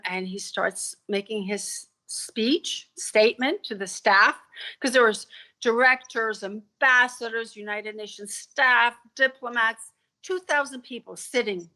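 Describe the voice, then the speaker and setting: A woman's voice: fairly high pitch, pushed and bright. A woman telling a personal story as a podcast guest, vivid and earnest, stumbling over repeated words when moved.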